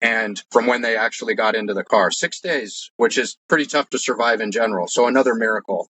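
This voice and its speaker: This male guest sits on the lower side vocally, speaking briskly with a fairly bright yet husky tone. The low-quality recording has no echo. He casually recounts his own experiences in an interview, earnest and rambling, often restarting and leaning on "like."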